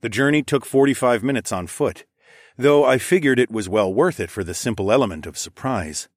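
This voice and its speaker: A man narrating a first-person fantasy story in a steady, descriptive storytelling voice. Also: medium pitch, brisk, no room sound, clean studio sound. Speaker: audiobook narrator.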